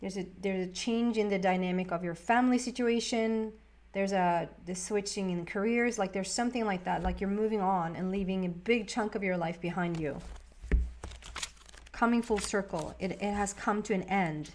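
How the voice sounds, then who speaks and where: A woman's voice: mid-range voice, moderate pace, a little mellow, a little hiss or hum. A woman giving a casual, rambling tarot reading to camera, often restarting her words. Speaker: tarot reader.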